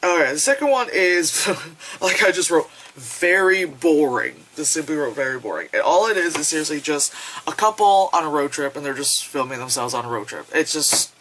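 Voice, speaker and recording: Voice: medium pitch, animated, a little fast, fairly bright tone, slight background noise, low-quality recording. A reviewer recapping a horror film in a casual vlog, rambling and swearing freely and acting out the characters' lines. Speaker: movie reviewer.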